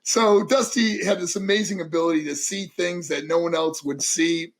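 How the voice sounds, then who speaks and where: A middle-aged man from New York, an interview guest telling lively anecdotes in casual storytelling and acting out other people's voices. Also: fairly high pitch, normal speed. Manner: animated, acts out voices in anecdotes. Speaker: interview guest, former wrestler.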